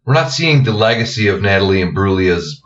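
A laid-back man talks through a casual podcast chat, hesitating and trailing off as he thinks. His pitch swings up and down a lot. The sound is roomy and a little dull, as if recorded on lo-fi gear. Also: big pitch swings, fast talker, a bit bright. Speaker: podcast co-host.

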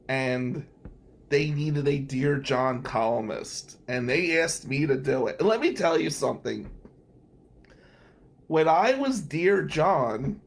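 A New Jersey man with a fairly high-pitched voice hosts a radio talk show. He animatedly tells a personal story and laughs at his own tale.

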